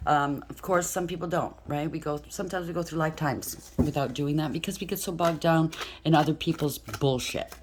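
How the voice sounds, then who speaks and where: Low-voiced woman tarot reader, chatty, blunt, thinks aloud. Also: a little fast, a little hiss or hum. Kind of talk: casual tarot reading to camera.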